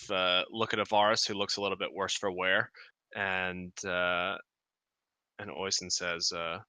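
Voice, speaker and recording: Man in the GM chair, casual filler-heavy narration, crisp, smooth voice. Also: on the low side, sharp tone, no echo. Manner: loose and rambling, many ums and uhs. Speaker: game master. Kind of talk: narrating a tabletop game.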